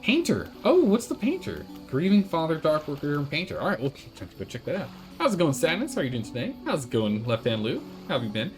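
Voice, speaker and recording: A man streaming a game, chatting and rambling with quick asides. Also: fairly high pitch, wildly swooping pitch, over music. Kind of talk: gaming commentary.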